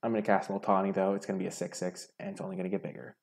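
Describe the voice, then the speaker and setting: A man's voice: sits low, little pitch movement, very fast, creaky. A young man giving casual, chatty commentary over a card game, thinking aloud and criticizing his own plays. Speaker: gaming streamer.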